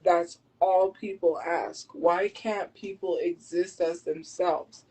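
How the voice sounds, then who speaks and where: A woman livestreaming who answers her chat defensively and argues back, habitually talking loud. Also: on the low side, fairly even intonation, takes it slowly, slightly rough, rough recording. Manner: defensive, argumentative. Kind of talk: live stream chat replies.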